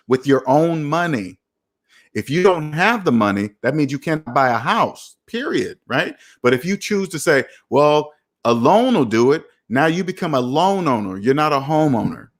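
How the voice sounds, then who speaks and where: A man hosting a live personal finance stream, answering viewer comments in a blunt, animated way and acting out the people he quotes. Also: a little high.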